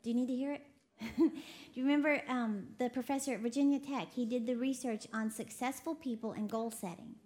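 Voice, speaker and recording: A woman from Texas preaching a lively sermon, laughing often and quoting voices as she talks. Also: fairly high pitch, a little fast. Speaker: preacher co-hosting a broadcast. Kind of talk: sermon to a women's audience.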